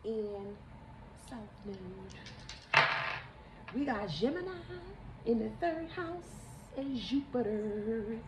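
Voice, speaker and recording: A woman's voice: on the high side, lively intonation, extremely slow, pauses often, distant mic. A woman giving a casual tarot reading, with a frank, emphatic, preachy way of talking and the odd swear word. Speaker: tarot reader. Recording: echoey room, voice off-mic, faint hiss.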